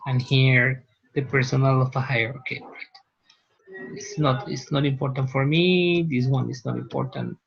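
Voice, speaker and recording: A man's voice: medium pitch, steady tone, moderate pace, gravelly, dull audio, slight background noise. A man, a teacher giving a university lecture, explaining patiently and often checking that students follow. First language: Spanish.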